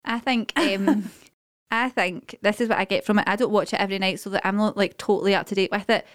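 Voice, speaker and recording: Smooth-voiced woman chatting. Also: medium pitch, fairly even intonation, brisk, dry recording, clean studio sound. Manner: chatty, musing, lots of "like". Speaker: podcast co-host. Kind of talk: casual chat.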